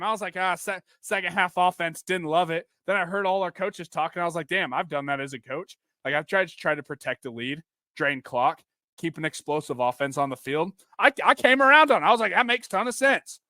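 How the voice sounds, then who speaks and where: A man's voice: high voice, pushed and bright, no room sound, clean studio sound. Frustrated young man venting on a podcast. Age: 20s. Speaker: podcast host and football coach. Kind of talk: solo podcast rant.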